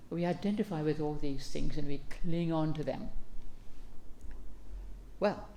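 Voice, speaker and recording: Low, gravelly woman giving a calm dharma talk. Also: a little hiss or hum. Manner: calm, gentle, unhurried, with reflective pauses.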